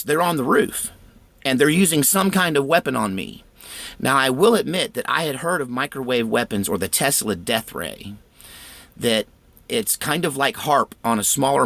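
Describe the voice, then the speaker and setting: Gravelly man telling an intense personal story. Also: fairly high pitch, a bit bright, no room sound. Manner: tense, fervent recounting.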